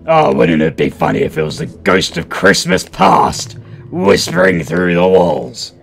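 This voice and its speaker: A man's voice: low-pitched, wildly swooping pitch, measured pace, creaky, slightly rough. A man doing profane, joking let's play commentary while playing a horror game. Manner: crude, loud, profane joking. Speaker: gaming channel host.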